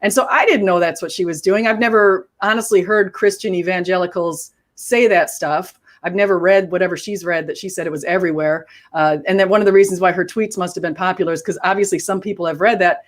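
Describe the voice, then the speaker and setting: A woman hosting a casual video chat, telling a story with animated quoted asides and frequent restarts. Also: lowish voice, fast, few pauses. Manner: animated storytelling, quoting others. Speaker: host.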